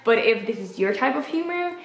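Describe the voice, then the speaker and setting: A young adult woman chatting casually as a vlogger, animated and expressive as she retells things. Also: a little fast. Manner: chatty and animated, acts out quotes with pitch jumps. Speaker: vlogger reviewing a film. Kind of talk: casual chat. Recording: echoey room.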